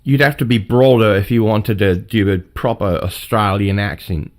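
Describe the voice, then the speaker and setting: Wry low-voiced male stream host. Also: fairly even intonation, darkish tone. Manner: dry, wry, drawn-out teasing. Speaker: livestream host. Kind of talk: casual livestream chat.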